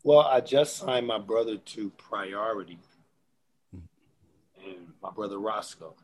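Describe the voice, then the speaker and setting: A man, a rapper guest, telling stories in a relaxed interview, animated and full of slang. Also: lowish voice, rough recording. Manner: animated, acts out quotes and beatboxes; drawn-out slang-heavy delivery. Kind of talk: casual storytelling interview.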